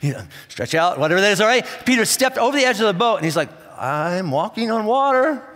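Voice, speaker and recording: A man preaching a sermon in a casual, animated storytelling way, acting out the people in his stories. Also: sits high, rapid-fire, long reverb tail. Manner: conversational, animated storytelling with acted-out quotes. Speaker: pastor. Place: church auditorium.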